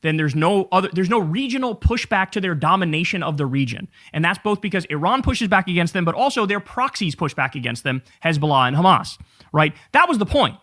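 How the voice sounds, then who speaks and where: High-pitched ranting man in his thirties. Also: a little fast. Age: 30s. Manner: profane, animated ranting. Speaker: political commentator. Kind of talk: live-stream reaction commentary.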